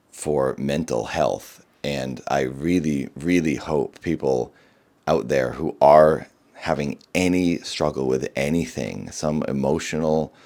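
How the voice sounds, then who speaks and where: Very deep-voiced earnest male vlogger. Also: vocal fry. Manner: earnest, somber, rambling with many restarts. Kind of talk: personal talk to camera.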